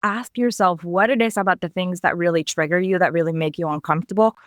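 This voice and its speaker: A woman guest on a podcast interview, speaking in an animated way and acting out voices in her stories. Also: fairly low pitch, fast, no room sound, clean studio sound. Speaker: guest, mentor. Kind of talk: casual interview chat.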